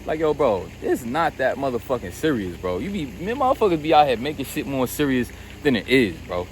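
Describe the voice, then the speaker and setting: A man's voice: medium pitch, sing-song, fairly quick, a little hiss or hum. Profane, blunt man ranting. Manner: blunt, profane, repetitive, addresses listener as bro. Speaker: self-help video host. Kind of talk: unscripted motivational rant.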